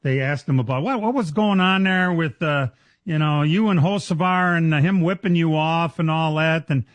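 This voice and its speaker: Excitable racing radio talk host. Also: male voice, fairly high pitch, normal speed, no room sound. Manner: excited, laughing, full of fillers and restarts.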